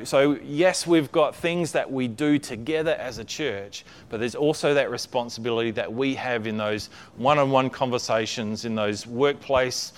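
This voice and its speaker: A man's voice: medium pitch, clear, resonant tone. A man preaching a conversational sermon, often checking in with his listeners and repeating words as he builds a point.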